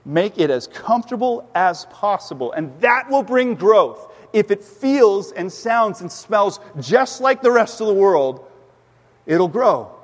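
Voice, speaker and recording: High-voiced pastor preaching in a reverberant hall. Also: male voice, lively intonation, slow. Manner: earnest, emphatic preaching with repeated restarts. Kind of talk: sermon. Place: church sanctuary.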